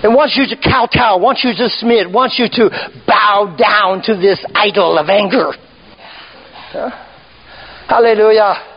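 A male preacher with a very high voice delivers a sermon, prodding his listeners with quick questions and emphatic repeats. The recording is dull and lo-fi. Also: slightly rough. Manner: call-and-response, repeated "huh?", teasing and emphatic.

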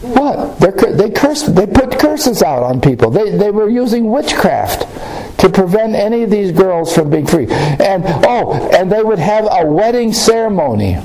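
An older man telling a story in a casual, halting way, with many restarts and pauses. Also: sits high, very animated, mellow, poor audio. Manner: rambling, halting, with restarts and hesitations. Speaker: storyteller recounting a trip. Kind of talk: casual spoken recollection.

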